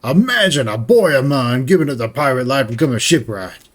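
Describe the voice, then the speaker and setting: A man's voice: mid-range voice, animated, brisk, lightly acted. A man voicing a scornful old pirate father in a fantasy game, talking in a coarse, sneering way and swearing. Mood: bitter.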